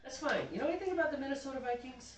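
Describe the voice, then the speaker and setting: A man joking his way through a casual livestream chat, his voice swinging lively up and down. He sits back from the mic in a roomy, echoing space. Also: very high-pitched, rapid-fire, far from the mic, a crowd in the background. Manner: joking, teasing banter. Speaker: homebrewing show co-host.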